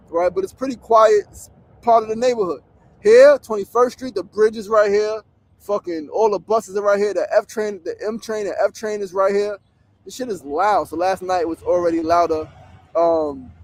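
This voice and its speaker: A man, hosting a casual livestream from a tent on a city street, talking bluntly with plenty of profanity. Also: high voice. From New York. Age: 40s. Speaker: show host. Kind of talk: outdoor livestream talk. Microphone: phone streaming.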